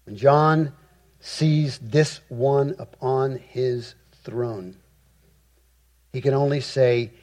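A man preaching a sermon, reading scripture slowly and rising with emphasis on key words. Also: mid-range voice, steady tone, a little mellow. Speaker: pastor.

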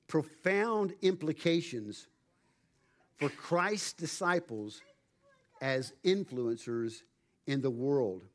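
A man preaching a sermon, emphatic and measured, with dramatic pauses. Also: fairly high pitch. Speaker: pastor.

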